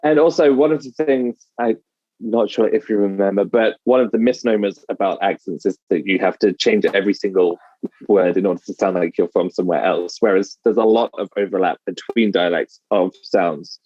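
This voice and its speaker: A man with a Midlands English accent speaks in a low, steady voice, laying out his ideas in a measured way. His audio is dry and a bit muffled, with no room echo around it. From England. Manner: measured, explanatory. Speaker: dialect coach. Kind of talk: podcast interview.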